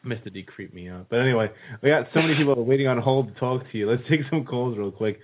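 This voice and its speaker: A man's voice: mid-range voice, fast talker, noisy background. A male radio host interviewing a guest, enthusiastic and laughing often, with crude humor. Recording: tinny phone-like sound.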